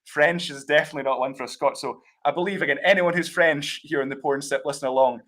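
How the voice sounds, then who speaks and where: A man's voice: fairly high pitch, fast, fairly bright tone. A Scottish man leads a live tasting over a video call. He talks with enthusiasm and explains at length, with loose, chatty fillers and asides. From Scotland. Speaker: whisky brand ambassador.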